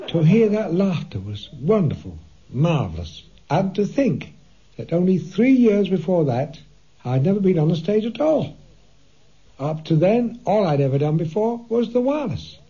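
Brief: male comic recalling his career, dark husky voice. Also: high voice, very animated, normal speed. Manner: storytelling. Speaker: comedian. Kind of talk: reminiscing. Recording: dull old radio recording.

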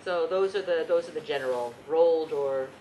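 A woman leading a Yiddish singing workshop, explaining patiently and gently, with occasional fillers. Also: low voice, normal speed, crowd noise, poor audio. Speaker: Yiddish song leader.

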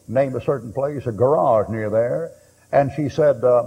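An older man preaching a sermon, telling folksy war stories and breaking into loud bursts. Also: mid-range voice, normal speed, vocal fry, breathy edge, highs cut off. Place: church hall. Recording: long hall reverb.

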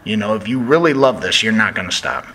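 A man's voice: fairly low pitch, lively intonation, fast talker, sharp tone, slight background noise, poor audio. A man, a professional wrestler, telling stories as a guest in a casual interview, with lots of "you know" fillers.

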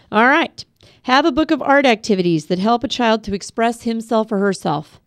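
Smooth-voiced woman teaching parents. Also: on the high side, no room sound, studio quality. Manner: calm, practical, advising parents directly. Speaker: parenting class instructor. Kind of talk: instructional webcast talk.

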